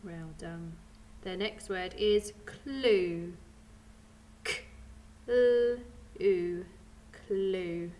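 A woman's voice: on the low side, extremely slow, pauses often, dark tone. A woman with a British accent teaching a phonics lesson to young children, patiently sounding out words letter by letter. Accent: British English. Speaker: primary school teacher.

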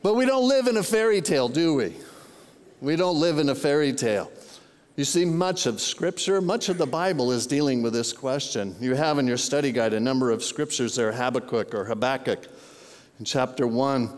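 A man's voice: medium pitch, moderate pace. An older man, a pastor, preaching a sermon in a conversational, storytelling way in a large church auditorium. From Southern California. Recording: long reverb in a large hall.

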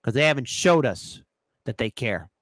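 A man hosting a ranting political commentary show, sarcastic and animated, with mocking asides. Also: medium pitch, moderate pace, no room sound.

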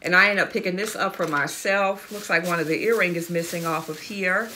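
A middle-aged fashion vlogger talks a little fast in a fairly low, pushed, bright voice, with slight background noise. Chatty and enthusiastic, she walks her viewers, whom she calls y'all and guys, through a shopping haul.

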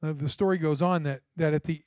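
A pastor delivers his sermon in a friendly, storytelling way and keeps turning to his listeners for a reply. He is a man whose voice sits a bit higher than most, and it is heard close and dry. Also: fairly even intonation, fairly quick, darkish tone, clean tone, dry recording. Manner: conversational storytelling, checks in with the congregation. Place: church.

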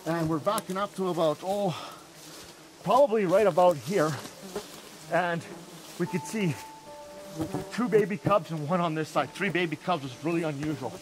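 A young man from northern Canada telling a story in a casual, animated way, re-enacting his own shouts. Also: high-pitched, moderate pace, long pauses, noisy background. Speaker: storyteller giving a tour. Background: music playing under the voice.

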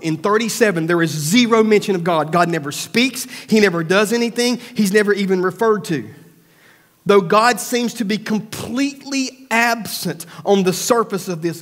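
A man with a high-pitched voice preaches a lively sermon in a church sanctuary, the sound trailing off in a long hall reverb. He acts out the voices of doubt and prayer, then goes soft and low for serious points. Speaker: pastor.

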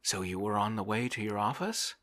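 A man voicing a lazy, reflective gentleman in a whispered role-play, musing in a mildly weary way. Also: on the low side, a little fast, pitched above the performer's own voice, close to an everyday voice.

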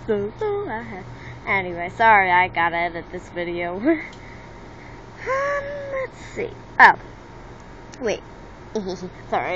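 A woman's voice: fairly high pitch, fairly bright tone, highs cut off, slight background noise. A young woman vlogging casually, hyper and giggly, rambling and jumping between thoughts while moving around with a handheld phone.

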